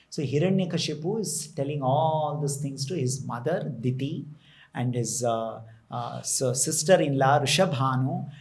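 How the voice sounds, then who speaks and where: A man's voice: on the high side, a little mellow, rough recording. A man preaching a sermon, retelling a scripture story with rhetorical questions and chanted verses. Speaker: temple preacher.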